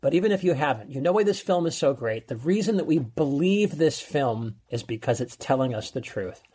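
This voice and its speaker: A man's voice: on the high side, lively intonation, brisk, dark tone, husky. Rambling man co-hosting a movie podcast. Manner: chatty, rambling, with fillers and laughs. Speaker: co-host. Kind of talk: podcast movie-advice chat.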